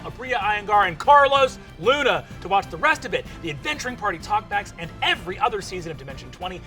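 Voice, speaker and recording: A man host giving an upbeat, energetic promo introduction to the episode. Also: high voice. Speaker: show host.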